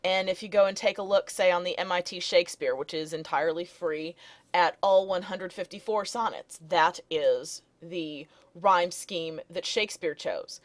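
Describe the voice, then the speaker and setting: A woman's voice: lowish voice, moderate pace. A woman teacher narrating lecture slides, explaining steadily and reading poem lines aloud.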